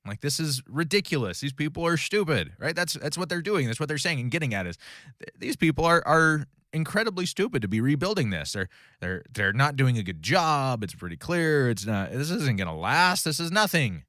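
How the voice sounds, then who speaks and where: A man's voice: a little high, sing-song, brisk, sharp tone, no room sound, clean studio sound. A man teaching a casual Bible study, talking through a passage conversationally with frequent fillers, self-corrections and "right?" check-ins.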